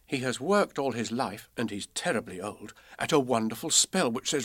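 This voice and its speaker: A man reading children's poems and a storybook aloud in a measured, expressive way. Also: medium pitch, no echo, studio quality. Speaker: narrator.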